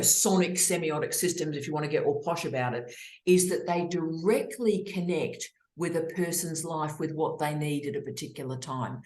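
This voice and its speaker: A middle-aged woman hosting an online discussion, talking in an effusive, expressive way over a video call. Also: low-pitched, echoey room. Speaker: host. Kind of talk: casual webinar discussion.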